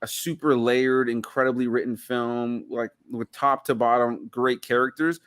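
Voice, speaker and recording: A man's voice: mid-range voice, level tone, moderate pace, fairly bright tone, smooth, no echo. Dry-voiced rambling man from Miami. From Miami, United States. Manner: rambling, heavy use of "like" and "you know". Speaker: guest film reviewer. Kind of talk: casual film review chat.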